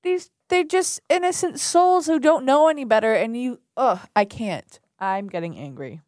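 A woman's voice: a little high, expressive, normal speed, a little mellow. A woman co-hosting a casual chat, reacting emotionally and with open disgust. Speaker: podcast co-host.

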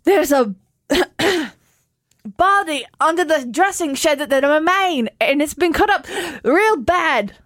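Woman as a nervous male soldier, stammering, slow delivery, high pitched. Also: expressive, a bit bright, dry recording, studio quality, heavily acted. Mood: shaken. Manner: halting, drawn-out, stammering. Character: shaken young male soldier.

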